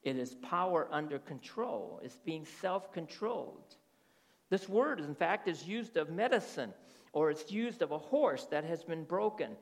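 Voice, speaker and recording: A man's voice: a little high, animated, a little slow. A middle-aged man preaching a sermon as pastor, often checking in with his listeners through rhetorical questions. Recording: reverberant hall.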